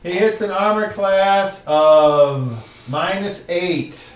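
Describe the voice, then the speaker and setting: Male game master, descriptive and halting, recorded at a distance in a roomy space. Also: high-pitched, a little hiss or hum. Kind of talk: narrating a tabletop game. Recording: roomy room, mic far off.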